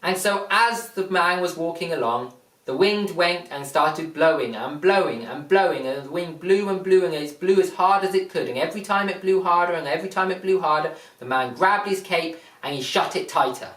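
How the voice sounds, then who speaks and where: A motivational speaker makes a point plainly and emphatically by retelling a fable, repeating himself a lot. The voice is mid-range and a bit bright at a moderate pace, recorded with a far-off mic in an echoey room.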